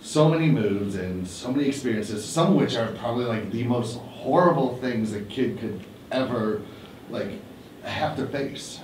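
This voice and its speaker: A man interviewing a voice actress, asking an earnest, admiring question with some halting. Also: mid-range voice, expressive, a little mellow. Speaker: fan interviewer. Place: convention interview room. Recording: echoey room, distant mic, noisy.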